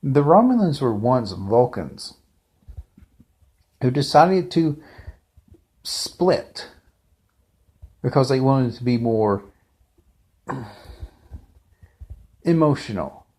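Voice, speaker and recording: A man talks through a fan review at an unhurried, slow pace, in a mid-range voice. He rambles off the cuff, trailing into asides and restarting his sentences as he goes. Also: mid-range voice, very animated, dark tone. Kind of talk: casual unscripted review.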